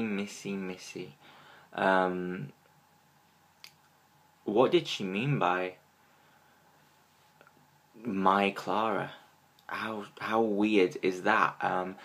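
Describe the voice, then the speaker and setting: A man giving a casual fan review of a TV episode, excitable and gushing, with many ums. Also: sits low.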